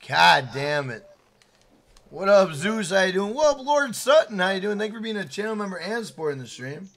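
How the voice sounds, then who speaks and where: A brash male streamer with a bright, forceful voice that swings widely in pitch. He swears constantly, shouts hype lines and greets chat viewers by name. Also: sing-song, brisk. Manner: loud, profane, shouts hype catchphrases; reads out chat names and thanks members. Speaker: streamer playing with his wife. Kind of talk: casual livestream gaming chat.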